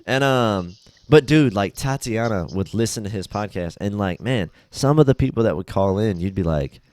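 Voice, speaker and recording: A man's voice: lowish voice, normal speed, no echo. A young man hosting a podcast, chatting casually and acting out quotes from people in different voices, loose and profane. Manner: animated storyteller, acts out quotes in voices. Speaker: podcast host.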